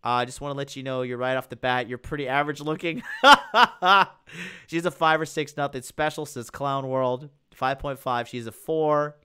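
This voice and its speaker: A man's voice: mid-range voice, steady tone, fairly quick, hardly any pauses, a bit bright, clean tone. A young man hosting a live stream, reacting to a video and reading chat aloud in a crude, mocking way and laughing often. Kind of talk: casual live-stream commentary.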